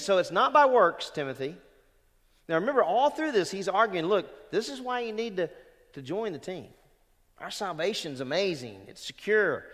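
In a church sanctuary with the sound of a large hall, a man delivers a sermon as pastor. His preaching is forceful, swelling on scripture quotations and sinking low as phrases end, and he throws questions out to the congregation.

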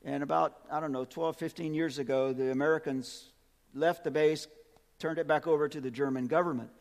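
A man preaching a sermon in a high, ringing voice. He talks with strong emphasis, dropping to quiet asides and climbing to loud peaks. His voice carries a long reverb, as from a large hall. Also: steady tone, fairly quick, vocal fry.

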